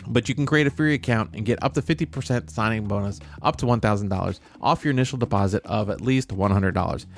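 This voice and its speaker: A man's voice: fairly low pitch, fast talker, soft background music. A man co-hosting a podcast, rambling wryly through sports betting picks and show plugs while losing his voice. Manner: rambling, wry, self-mocking. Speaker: podcast co-host. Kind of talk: casual sports betting chat.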